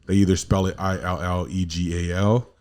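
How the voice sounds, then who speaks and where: A man's voice: sits low, flat delivery, normal speed, darkish tone. A man, hosting a loose, casual podcast. He swears freely and rambles through long stories in an easy, talkative way. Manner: profane, rambling storyteller. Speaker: podcast host. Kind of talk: casual chat.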